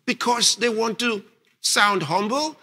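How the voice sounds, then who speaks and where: Pastor guy preaching, high bright voice, jumps around a lot, kinda husky, gets loud on the big lines. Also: lively intonation, takes it slowly. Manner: emphatic, rising to shouts on key lines; reads scripture aloud and asks the congregation questions. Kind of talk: sermon. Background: congregation responding.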